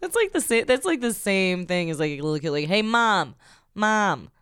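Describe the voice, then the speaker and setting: Casting: wry Chicago woman, comic co-host, clean smooth tone. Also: lowish voice, wildly swooping pitch, fast talker. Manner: wry, laughs often. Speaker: comedian podcast co-host. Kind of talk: casual comedic chat.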